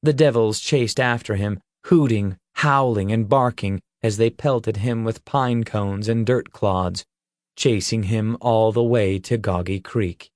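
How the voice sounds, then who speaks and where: A male narrator reading a fantasy audiobook in a steady, measured way. His pace is slow and unhurried. The recording is dry and close, with no room sound. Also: lowish voice, dry recording.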